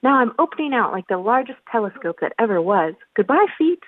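A woman's voice: on the high side, big pitch swings, brisk, dry recording. A woman voicing a puzzled, earnest little girl in a storybook reading, talking to herself in a wondering, fussy way. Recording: tinny phone-like line.

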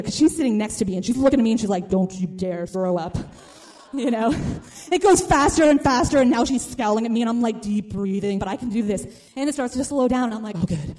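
Speaking in a high voice, a woman tells a funny personal story to a live audience. She's animated and acts out the people involved.

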